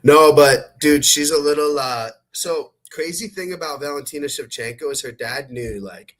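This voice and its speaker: A man hosting a casual sports podcast, talking brashly and swearing a lot as he previews fights. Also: a little high. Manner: brash, profane, fast-talking. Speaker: podcast host.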